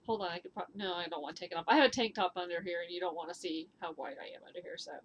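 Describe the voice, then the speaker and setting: At home indoors, a woman who hosts a knitting and fitness vlog chats casually through a show-and-tell, rambling with fillers and restarts. Her voice is fairly low and a bit bright, she talks quickly, and there's slight background noise.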